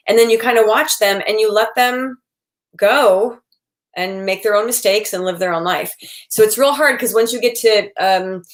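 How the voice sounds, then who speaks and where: A woman's voice: medium pitch, fairly even intonation, moderate pace. A woman in her forties, a psychotherapist giving casual advice and acting out quoted lines of dialogue. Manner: chatty, acts out quoted dialogue. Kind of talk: casual expert advice talk.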